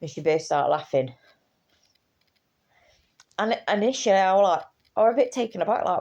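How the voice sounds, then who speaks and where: A woman's voice: mid-range voice, animated, moderate pace, darkish tone, dull audio. A tired woman, rambling in casual chat to her camera and swearing freely. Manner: chatty, swears casually, trails off and restarts. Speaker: vlogger.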